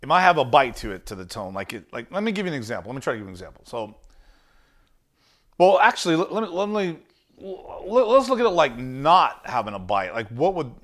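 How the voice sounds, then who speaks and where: A man's voice: mid-range voice, very animated, brisk, a bit bright. A man teaching sales in an emphatic, punchy monologue. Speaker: sales coach.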